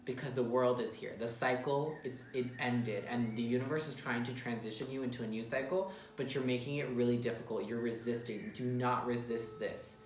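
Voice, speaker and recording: A man's voice: mid-range voice, fairly even intonation, a little fast, few pauses. A man giving a casual tarot reading, talking bluntly and emphatically with some swearing. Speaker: tarot reader. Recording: roomy echo with faint music.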